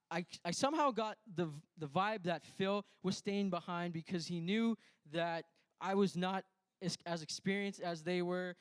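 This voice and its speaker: A man's voice: high voice, clear, resonant tone, dry recording. Young man telling a church testimony. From Canada. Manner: conversational, many restarts and quoted self-talk. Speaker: church speaker. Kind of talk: storytelling testimony.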